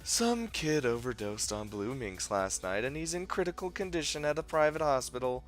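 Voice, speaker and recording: A man voicing a calm woman scientist in a fan dub, low-key and matter-of-fact. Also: normal speed, soft background music, natural voice. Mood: grim.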